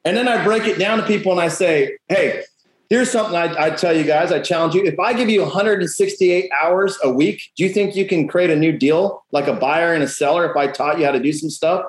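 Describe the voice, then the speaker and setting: A man's voice: fairly high pitch, a little fast. Blunt, profane male sales coach. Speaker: real estate coach. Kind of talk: motivational talk. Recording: echoey room.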